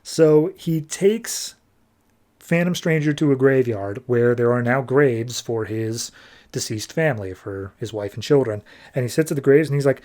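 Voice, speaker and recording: A man casually summing up a comic book issue for a podcast, tossing off quick loose voices for the characters as he goes. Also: mid-range voice, a little mellow.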